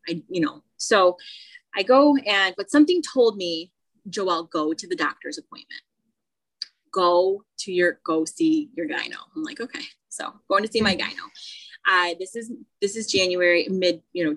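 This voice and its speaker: A woman co-hosting a podcast, telling a personal story in casual chat, animated, with many restarts. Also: fairly low pitch, rough recording. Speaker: podcast co-host.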